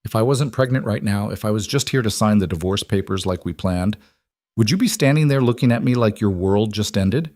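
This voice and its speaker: A man's voice: lowish voice, a little fast, a little mellow, no echo, clean studio sound, close to an everyday voice. A man voicing a defiant pregnant young wife, cutting and bitter, in an audiobook reading.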